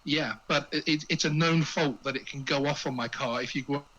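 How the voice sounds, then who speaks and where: A man's voice: on the high side, brisk, muffled recording, noisy background. A man, a guest chatting casually with jokey asides and repeated words as he gets going. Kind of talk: casual chat.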